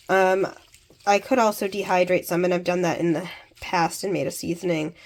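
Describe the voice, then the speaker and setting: A woman with a medium-pitched voice, stuffy and congested from a cold, casually walks through her home cooking in a kitchen vlog. She's practical and chatty, with frequent ums.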